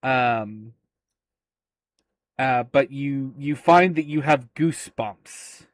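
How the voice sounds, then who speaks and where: Casting: male game master, slow and halting narration, lots of pauses and filler. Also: medium pitch, dry recording. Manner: hesitant, many filler sounds.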